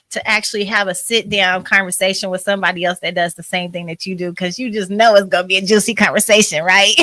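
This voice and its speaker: A woman hosts a livestream talk show with a bright, forceful voice, close and dry. She speaks candidly and with emotion, worn out and grieving. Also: on the high side, no room sound. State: tired, grieving. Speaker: host.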